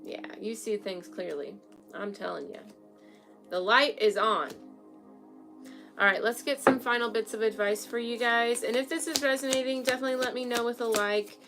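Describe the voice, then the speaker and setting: A woman's voice: on the high side, normal speed, over music. A young woman giving a casual tarot reading at home, chatty and frank, often checking in with her listeners. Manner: chatty, keeps checking in with "okay?". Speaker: tarot reader. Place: home room with an altar.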